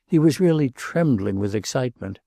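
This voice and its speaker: Male audiobook reader, gravelly and mellow, close dry mic. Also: medium pitch, animated, brisk, no echo. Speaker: audiobook narrator. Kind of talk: scripted narration.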